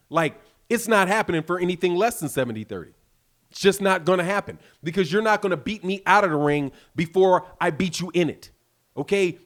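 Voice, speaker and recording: A man with a notably high speaking voice talks alone to his audience about boxing. He argues his case emphatically, firing off rhetorical questions and circling back on key phrases to drive them home. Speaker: boxing channel host. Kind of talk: opinionated solo commentary.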